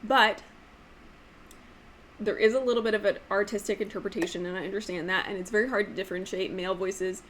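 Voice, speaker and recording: A woman hosting a casual book vlog, talking emphatically with lots of "like" fillers and sometimes showing off voices with sudden jumps in pitch. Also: steady tone, a little fast, a bit bright, a little hiss or hum. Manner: chatty, emphatic, frequent "like" fillers. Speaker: book channel host.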